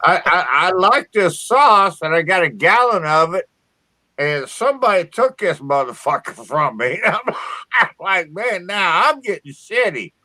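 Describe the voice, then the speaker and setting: A man's voice: a little high, big pitch swings, measured pace, bright, forceful tone, no echo. A man from southern Indiana hosting a casual chat, swearing freely and stumbling over restarts. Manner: profane, stammering restarts. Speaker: podcast host.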